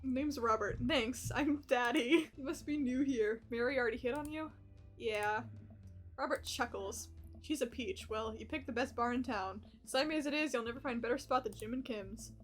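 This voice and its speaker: A woman reading the lines of a gruff, aloof male dad at a bar in a dating game, in short, curt sentences. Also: a little high, normal speed, faint music behind, lightly acted. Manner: curt, terse lines read aloud.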